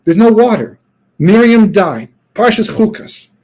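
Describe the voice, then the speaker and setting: A man teaching a Torah class as a rabbi, telling the story in an animated way with quoted voices. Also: sits high, measured pace.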